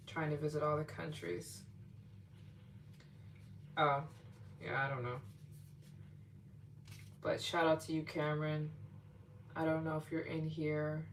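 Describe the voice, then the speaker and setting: A woman with a deep, creaky voice hosts a late-night livestream in a casual, chatty way, gushing with emotional thanks to her viewers. The mic is distant, with a faint hum.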